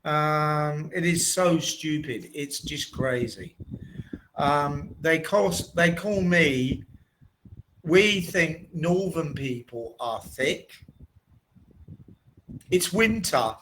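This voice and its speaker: A man from southeast England with a southern English accent, tutoring English in an online lesson and speaking slowly and plainly. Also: fairly high pitch, fairly bright tone, slight background noise, low-quality recording. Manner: slow, plain, deliberate speech. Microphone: video call.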